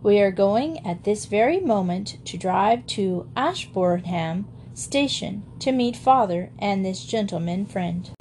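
A woman voicing a gentle, gracious aristocratic mother in a storybook. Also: medium pitch, animated, slow pace, few pauses, a little hiss or hum. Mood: tender. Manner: gracious, warm welcoming.

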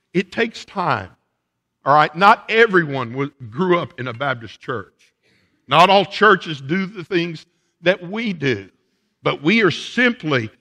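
A man's voice: on the high side, sharp tone, big-room sound. A male pastor preaching a sermon in a church sanctuary, laying out his points one by one with emphasis.

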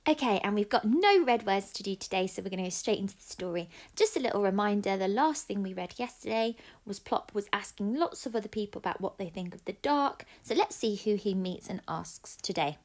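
A woman teacher, slowly sounding out words in a phonics lesson and praising pupils. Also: mid-range voice, lively intonation, darkish tone. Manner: slow, clear and encouraging, sounding out letters. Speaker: primary school teacher. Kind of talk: phonics lesson and reading a story aloud.

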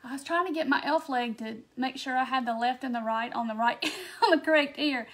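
A woman's voice: sits high, fairly quick, a bit bright, slight background noise. A woman from Mississippi with a Southern accent, hosting a live crafting stream and chatting in a bubbly way as she greets viewers by name. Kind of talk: casual live-stream chat.

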